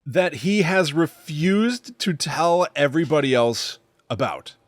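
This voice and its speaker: A man's voice: on the high side, expressive, slow pace, dry recording. A man co-hosting a podcast, recapping a show in a casual, wry way with playful jokes. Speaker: podcast co-host. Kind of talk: casual chat.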